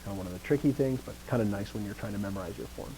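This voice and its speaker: A man's voice: very fast, slight background noise, poor audio. A man teaching a Greek lesson in a casual, self-correcting way, stopping often to check with the class and punching out stressed words to show emphasis. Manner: acts out emphasis with louder, higher stressed words.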